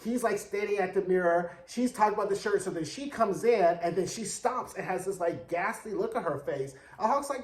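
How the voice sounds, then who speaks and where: A man giving a sassy, chatty recap of a TV episode, acting out the characters' lines in quick bursts. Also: sits high, lively intonation, roomy sound. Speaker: TV show reviewer. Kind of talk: casual recap commentary.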